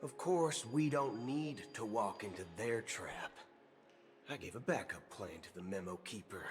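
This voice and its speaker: Guy voicing a raspy texan cowboy in a game, gravelly slangy drawl, lowish, music going behind. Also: measured pace, natural voice. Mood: sly. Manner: slangy drawl, swaps 'fork' for cusses. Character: brash cowboy gunslinger man, sounds about forty. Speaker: game character.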